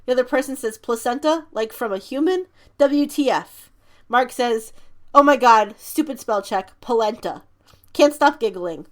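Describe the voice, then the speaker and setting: A woman's voice: fairly high pitch, animated, normal speed. A woman co-hosting a podcast, casually reading funny text messages aloud and giggling through them. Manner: giggly, reads quotes with playful emphasis. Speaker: podcast co-host.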